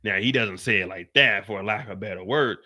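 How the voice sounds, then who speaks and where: A man hosting a casual livestream recap, telling it in an animated, joking, slangy way. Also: lowish voice, quick pace. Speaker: show recap host.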